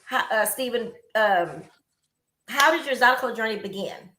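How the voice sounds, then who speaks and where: A woman's voice: on the high side, lively intonation, normal speed, bright, forceful tone, roomy sound. A woman hosting a live online interview, chatty and upbeat, with plenty of fillers. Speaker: host.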